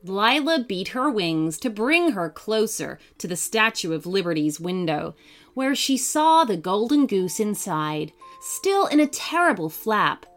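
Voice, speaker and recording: A woman narrating a children's bedtime story gently, putting on voices for the characters. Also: medium pitch, big pitch swings, measured pace. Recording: faint music behind.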